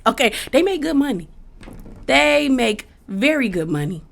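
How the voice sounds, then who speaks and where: A woman giving casual, animated commentary on a reality show, chatty and slangy, laughing often. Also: high-pitched, normal speed, vocal fry. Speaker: reality TV recap vlogger.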